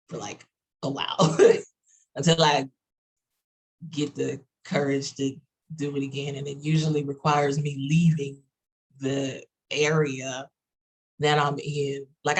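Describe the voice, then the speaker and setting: Husky fast-talking Texan woman. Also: deep voice, low-quality recording. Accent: Texas. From Texas. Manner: fast-talking, fillers and run-on sentences. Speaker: roundtable participant. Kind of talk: casual group video chat.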